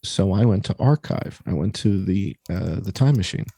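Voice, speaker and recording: A man's voice: low voice, lively intonation, moderate pace, vocal fry, warm tone, husky, no echo. A middle-aged American man hosting a casual talk show, sarcastic and mocking as he comments. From United States. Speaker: show host.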